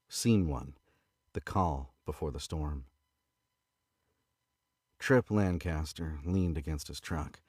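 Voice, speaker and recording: A man with an Australian accent reading a novel aloud in a relaxed, casual way, now and then correcting his own slips. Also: very deep voice, no room sound, clean studio sound. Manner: relaxed, stops to correct misread words. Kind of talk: casual read-aloud narration.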